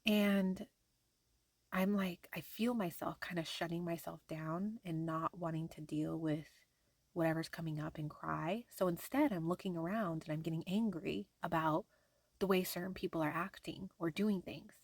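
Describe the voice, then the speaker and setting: A young woman talking softly and hesitantly in a personal diary vlog, with many fillers and restarts. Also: on the low side, fairly even intonation, normal speed, no echo. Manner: soft-spoken, hesitant, lots of fillers and restarts. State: tearful at times. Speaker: vlogger.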